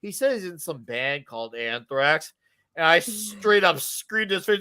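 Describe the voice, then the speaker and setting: A grown man, a father, guest on a casual chat show, telling rowdy stories with loud acted-out quotes. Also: fairly high pitch, expressive, unhurried, clear, resonant tone, dry recording, studio quality. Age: adult, a father.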